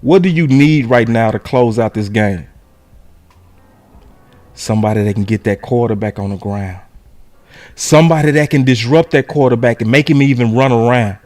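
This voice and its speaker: A man hosting a casual sports show, breaking down game film and shouting key words. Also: medium pitch, normal speed, pauses often, no echo, soft background music. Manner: animated, shouts key words, talks to his audience.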